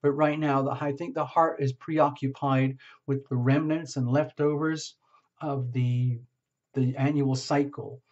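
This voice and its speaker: A man giving a casual tarot reading, talking gently and rambling, often checking in with "okay?". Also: medium pitch, level tone, unhurried, muffled recording. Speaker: tarot reader.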